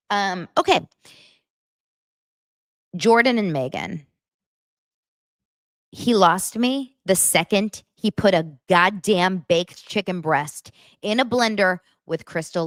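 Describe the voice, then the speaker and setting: A woman's voice: fairly low pitch, no echo, clean studio sound. A woman hosting a casual gossip podcast, talking bluntly and sarcastically. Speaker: podcast host.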